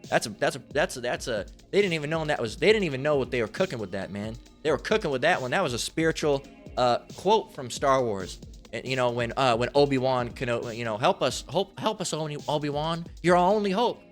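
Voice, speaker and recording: A man's voice: mid-range voice, animated, fast, soft background music. A man giving a casual Bible lesson in a rambling, slangy way, swearing freely. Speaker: lay Bible teacher.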